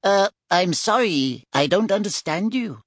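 A man's voice: fairly high pitch, big pitch swings, unhurried, no room sound, clean studio sound, voice pushed up. A man voicing a nervous, stiffly polite government official who turns snappish, in an audiobook. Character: fussy, indignant male government official. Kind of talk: audiobook character voice.

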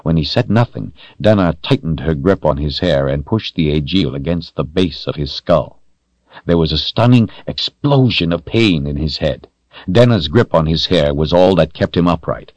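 A man narrating a fantasy novel in a slow, deliberate, dramatic way. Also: a bass voice, expressive, darkish tone, no room sound, highs cut off. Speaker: audiobook narrator.

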